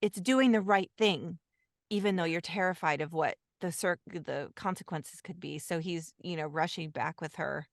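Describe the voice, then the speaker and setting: Guest writer, female, lower voice, dry close mic, thoughtful conversational asides. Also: dry recording. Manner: reflective, insider anecdotes, quick asides. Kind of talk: casual podcast interview.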